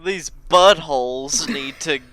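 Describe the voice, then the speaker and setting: A woman co-hosting a podcast, talking slowly and casually about a cartoon episode, often stammering and repeating her words. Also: sits low, a bit bright. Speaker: podcast co-host.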